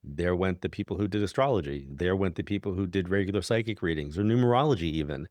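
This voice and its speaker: A man's voice: quick pace, no room sound. A middle-aged man, a guest telling long stories in casual conversation and acting out the dialogue. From New York. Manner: animated, acts out quoted dialogue with big pitch jumps. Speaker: guest, psychic medium. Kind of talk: conversational storytelling.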